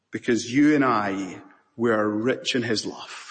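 A man with a Scottish accent preaching an impassioned sermon, with long pauses between phrases. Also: fairly low pitch. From Scotland. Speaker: pastor. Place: church sanctuary. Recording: reverberant church hall.

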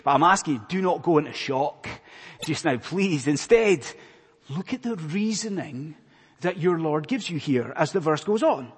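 A Scottish man preaching a sermon in church, earnest, questioning his listeners, swinging between loud emphatic phrases and hushed ones. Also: fairly high pitch, animated, moderate pace, husky. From Scotland. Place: church in a large hall. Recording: long hall reverb.

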